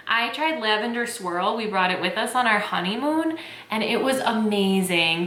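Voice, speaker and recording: A young adult woman chatting excitedly to camera as a tea vlogger, filling her talk with "like". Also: medium pitch, reverberant, slight background noise. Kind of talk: casual chat to camera.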